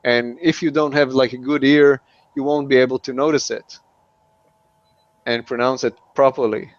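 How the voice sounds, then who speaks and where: A man's voice: medium pitch, steady tone, normal speed, dry recording. A man from the East, speaking English as an as an interview guest, talking hesitantly with many restarts and fillers. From Middle East. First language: not English. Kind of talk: casual interview. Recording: dull lo-fi sound.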